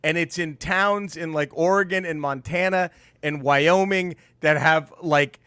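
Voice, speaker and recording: A man's voice: on the high side, unhurried, clear, resonant tone, no room sound. A man, a stand-up comedian, telling a story in casual podcast chat, laughing often and acting out the people in it. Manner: animated, laughing storyteller who acts out quotes.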